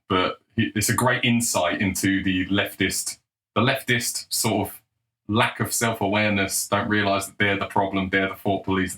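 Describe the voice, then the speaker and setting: A man's voice: fairly low pitch, a bit bright, poor audio. A man delivering a heated, scornful solo commentary and stressing his points hard. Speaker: political commentator.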